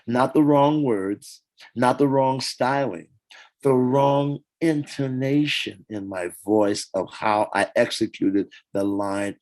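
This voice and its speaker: An older man in a casual interview, telling stories with lively acted-out quotes and hummed parts. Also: mid-range voice, takes it slowly, rough recording. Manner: animated storyteller, acts out quotes and hums parts. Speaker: interview guest, former band singer.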